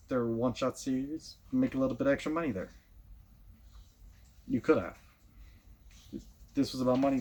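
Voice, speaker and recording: A man's voice: mid-range voice, a little mellow, a little hiss or hum. A man giving a casual opinion rant as a show host, blunt and repetitive, often restarting his sentences.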